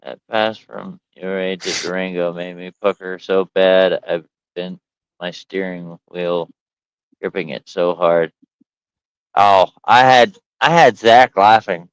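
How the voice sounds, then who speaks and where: Male co-host, casual stream talker, smooth tone, acts out his stories. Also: low voice, no echo, rough recording. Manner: animated storyteller, acts out quotes. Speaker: livestream co-host. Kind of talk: casual chat.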